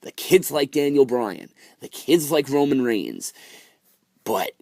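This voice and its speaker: A man's voice: mid-range voice, big pitch swings, slow, gravelly, a little mellow, dry recording, clean studio sound. A young man ranting casually about wrestling on his vlog, exasperated, with lots of fillers and restarts. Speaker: wrestling vlogger. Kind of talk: casual opinion rant.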